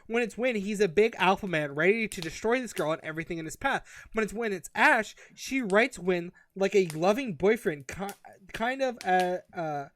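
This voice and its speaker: A man's voice: sits high, expressive, normal speed, a bit bright. A man hosting a casual comedic book review, rambling and exasperated, swearing freely. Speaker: podcast host.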